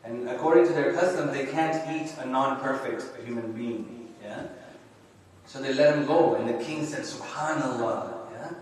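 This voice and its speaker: This sheikh's sermon comes through an echoey, distant recording with slight hiss or hum. His voice is medium-pitched and a little mellow at a normal speed, and he lectures conversationally in an Islamic center hall, often asking "right?" and "yeah?"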